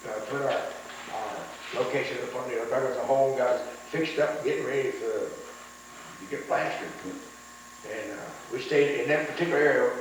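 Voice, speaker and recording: Older man recalling wartime. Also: mid-range voice. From United States. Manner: rambling storyteller, repeats words, acts out quotes. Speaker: veteran interviewee. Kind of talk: oral history recollection. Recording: echoey room, distant mic, faint noise.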